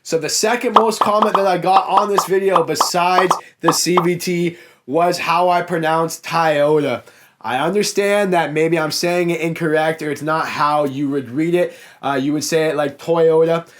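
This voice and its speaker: A young car salesman with a Canadian accent from the Niagara area of Ontario hosts a casual YouTube Q&A, answering viewer comments frankly and chattily. His voice is fairly high and a bit bright, with fairly even intonation and normal speed, plus slight background noise.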